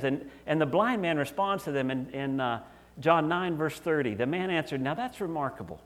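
A man's voice: on the high side, quick pace. A middle-aged male pastor preaching a sermon in an earnest, conversational way, often acting out quoted voices.

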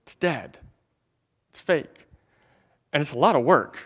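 A man's voice: a little high, unhurried, breathy edge. Conversational male pastor preaching. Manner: conversational preaching with repeated words and asides to the congregation; animated swings between emphatic and hushed delivery. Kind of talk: sermon.

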